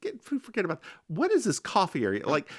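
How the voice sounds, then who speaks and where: A man's voice: high voice, huge pitch swings, fast talker, breathy edge. A man co-hosting a podcast, rambling through a TV episode recap in casual chat, restarting and correcting himself.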